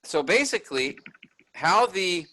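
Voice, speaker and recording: A man's voice: sits high, very animated, measured pace, pushed and bright, rough recording. A man teaching an online workshop, explaining a text step by step and checking in with his listeners.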